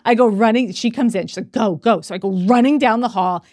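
A woman hosting a podcast, chatting casually and telling stories with lively acted-out quotes. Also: a little high, fast talker, dry recording, clean studio sound. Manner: animated storytelling, acts out quoted voices. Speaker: podcast host. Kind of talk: casual chat.

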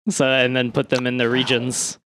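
A man's voice: medium pitch, completely flat delivery, moderate pace, a bit bright. A man co-hosting a casual comedy podcast, reading odd news and rambling with frequent laughs. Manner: rambling, laughs at own jokes.

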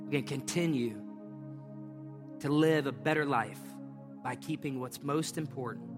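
A man's voice: mid-range voice, normal speed. A middle-aged man preaching a conversational sermon as pastor, emphatic and folksy, repeating his phrases. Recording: reverberant hall with faint music.

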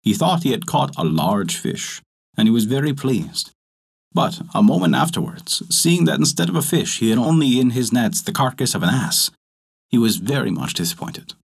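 A man narrating a folk tale with an expressive storytelling cadence. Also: medium pitch, moderate pace, vocal fry, breathy edge.

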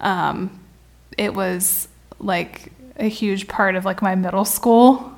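A woman's voice: medium pitch, steady tone, slow. A young adult woman hosting a podcast, chatting casually and telling a story with lots of fillers. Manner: chatty, filler-heavy, trailing off.

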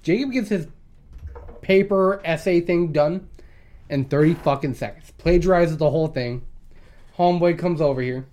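A man's voice: fairly high pitch, moderate pace, pauses often, a little mellow. Profane young man laughing through stories. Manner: profane, laughs often while telling stories. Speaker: podcast co-host. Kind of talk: crude casual storytelling among friends.

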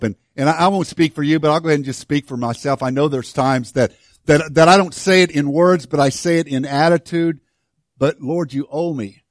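A man preaching a sermon to his church, swinging from hushed, slow lines to loud, fervent ones. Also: medium pitch, no echo, studio quality. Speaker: pastor.

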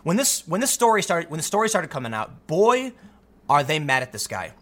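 A man giving opinionated solo commentary in an emphatic, animated way, often repeating words as he gets going. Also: on the high side, a little fast. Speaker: political commentator.

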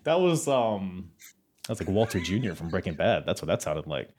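Low-voiced man bantering with a laugh. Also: sing-song, normal speed, darkish tone. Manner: laid-back, laughing banter. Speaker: podcast host. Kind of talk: casual wrestling podcast chat.

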